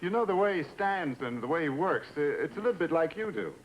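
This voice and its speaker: Calm, mild sitcom sidekick. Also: male voice, a little high, quick pace, poor audio. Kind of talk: 1950s TV sitcom acting. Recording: old TV audio with faint hiss.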